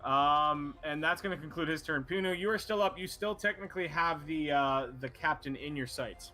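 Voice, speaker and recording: Male game master, casual narration, bright and slightly high voice, swears freely. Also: moderate pace, soft background music.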